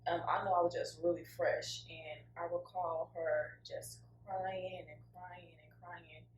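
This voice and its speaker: A woman's voice: lowish voice, level tone, slow. A woman co-hosting a podcast, telling her own story in a candid, emotional, informal way with lots of fillers. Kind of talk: casual heartfelt podcast chat. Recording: echoey room, mic at a distance, faint hum.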